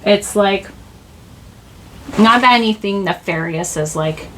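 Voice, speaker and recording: A woman's voice: medium pitch, slow pace, fairly bright tone, a little hiss or hum. A woman giving a casual tarot reading at home into a microphone, rambling and chatty, laughing at herself. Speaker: tarot reader. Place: home, indoors. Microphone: desk microphone.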